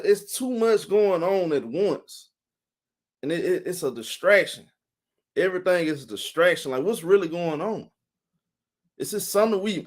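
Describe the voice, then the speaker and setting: A man talks through his live sports stream in a loose, rambling way, repeating words and calling out viewers by name. His voice sits a little high for a man, and he sounds worn out. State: tired.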